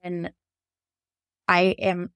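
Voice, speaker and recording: A woman's voice: lowish voice, drawn-out words, clear, resonant tone, no room sound. A woman, a labor and delivery nurse, tells her own story frankly and emotionally, with many restarts. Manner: slips into animated voices when quoting herself. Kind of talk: candid personal storytelling.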